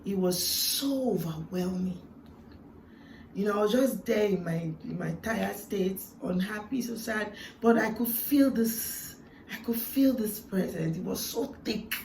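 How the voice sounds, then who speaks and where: A woman sharing a heartfelt personal testimony in an earnest, reflective way, with swells of emotion and hushed moments. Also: medium pitch, unhurried, creaky, a little hiss or hum. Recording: roomy, echoey sound from a distant mic.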